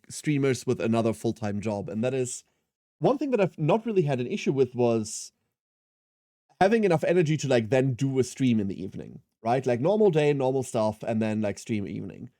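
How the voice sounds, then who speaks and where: A man's voice: mid-range voice, dark tone, no echo, clean studio sound. A man in his thirties streaming a game, chatting casually and rambling with self-mocking humour as he answers chat. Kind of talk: casual live-stream chat while gaming.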